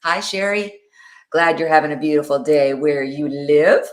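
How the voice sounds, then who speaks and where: Speaking at normal speed in a deep voice, this woman co-hosts a live social media stream. She chats casually through viewer comments, laughing a lot and welcoming viewers by name.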